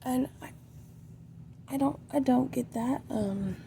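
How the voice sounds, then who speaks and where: Painting as she talks to her vlog audience, this middle-aged woman speaks slowly in a high, gravelly yet warm voice. Her casual chat rambles, hesitates and trails away, and she sounds worn out, with noisy ambience around her.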